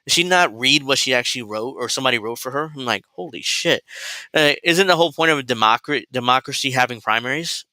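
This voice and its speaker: A man's voice: medium pitch, fast, hardly any pauses, pushed and bright, no echo, poor audio. A man hosting a political commentary livestream, rambling and sarcastic, full of fillers and restarts. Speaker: host.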